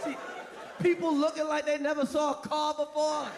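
A man doing a stand-up routine on a club stage, profane and animated, shouting his punchlines over a laughing crowd. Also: very high voice, normal speed. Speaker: stand-up comedian. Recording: live crowd laughter and noise.

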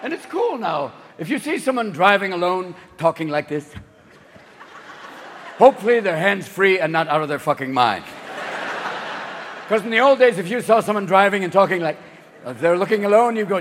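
A man's voice: high voice, fairly bright tone, long reverb tail, a little hiss or hum. A man doing a stand-up comedy set, manic and profane, jumping into voices. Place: comedy stage before a live audience. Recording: live show with faint crowd.

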